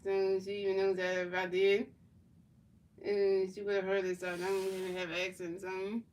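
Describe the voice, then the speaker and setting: A woman from Philadelphia calls the plays of a football video game and answers her chat in a casual, looping way, restarting phrases again and again. Her middle-pitched voice stays flat and even. The mic sits a little distant from her. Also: moderate pace, a little hiss or hum. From Philadelphia, USA. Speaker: gaming streamer. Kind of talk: play-by-play commentary of a football video game, chatting with viewers.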